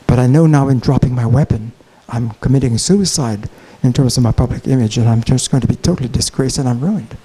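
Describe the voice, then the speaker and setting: A man voicing a broken male warrior in deep despair, pleading for help during a lecture story. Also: a little fast, hardly any pauses, warm tone, slightly rough, lightly acted, low-quality recording. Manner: pleading, desperate.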